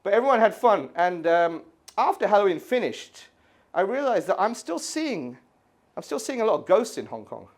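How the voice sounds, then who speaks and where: A man in his thirties from the UK doing an animated stand-up set in a gallery, acting out voices and screaming kids. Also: high voice, normal speed. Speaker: stand-up comedian. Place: art gallery before a live audience. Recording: live room with audience laughter.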